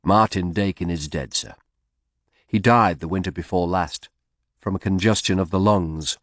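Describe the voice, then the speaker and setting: A man's voice: low voice, normal speed, a bit bright, dry recording, studio quality. A man reading the part of a tired, polite middle-aged barrister with a Northern English accent. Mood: concerned.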